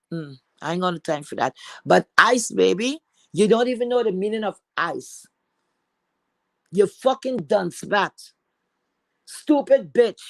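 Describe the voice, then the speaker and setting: Woman, gravelly fry, dry close sound, heated profane rant, livestream guest. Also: on the high side, a bit bright, no room sound. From Trinidad. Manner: profane, heated, emphatic ranting. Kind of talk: casual live chat rant.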